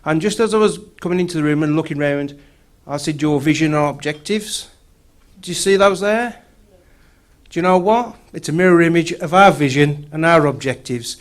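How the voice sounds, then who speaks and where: A man's voice: fairly high pitch, moderate pace. A man from Bilston with a Black Country accent, giving an earnest, self-deprecating councillor's speech at a conference. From Bilston, West Midlands England. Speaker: councillor speaker. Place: conference room.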